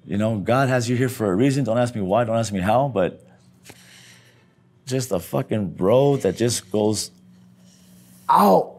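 A young man telling profane, animated stories in street slang during an interview. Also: lowish voice, a little slow, long pauses. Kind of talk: casual storytelling.

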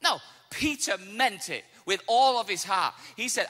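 A man preaching a sermon as pastor, telling stories with casual asides and lively acted quotes. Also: sits high, normal speed, few pauses, big-room sound. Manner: animated storytelling, casual asides. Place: church auditorium.

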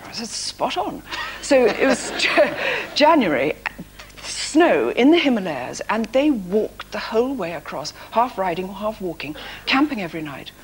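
A woman, a talk-show guest, telling animated, self-mocking anecdotes in a TV studio. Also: medium pitch, moderate pace, a little hiss or hum. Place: TV studio before an audience.

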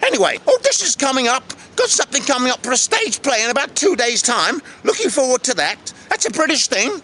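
A man hosting his own vlog outdoors by a city river, animated, jokey and often shouting. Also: very high voice, fairly quick, slightly rough. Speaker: vlog host and actor. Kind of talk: excitable outdoor vlog chat.

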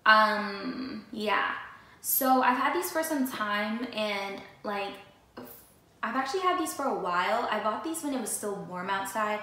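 A young woman vlogger talks straight to her viewers about her new sneakers in a casual, high-energy haul chat. Her medium-pitched voice is animated, unhurried, pushed and bright. The recording has an echoey room with faint noise.

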